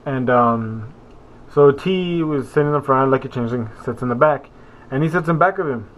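A man's voice: medium pitch, moderate pace. A young man vlogging in a casual, meandering way, full of fillers and self-corrections. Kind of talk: rambling casual vlog. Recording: phone-like narrow sound.

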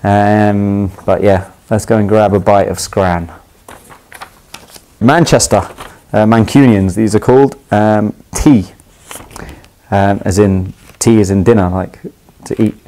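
A young man with a London accent, a footballer, casually explaining slang in a chatty, easygoing way with lots of ums and quick laughs. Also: on the low side, low-quality recording. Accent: London English. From England. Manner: relaxed, chatty, laughs easily, many ums and restarts.

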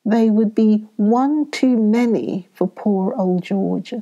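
A woman voicing a sleepy old male knight who talks slowly and drifts into whispers. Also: mid-range voice, dark tone, muffled recording. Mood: drowsy. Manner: drowsy, slow, trailing into whispers.

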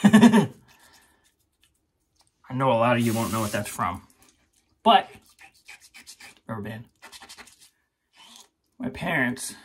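A man's voice: mid-range voice, a little hiss or hum. A man hosting his own shaving channel, chatting casually and rambling through a product review, laughing often.

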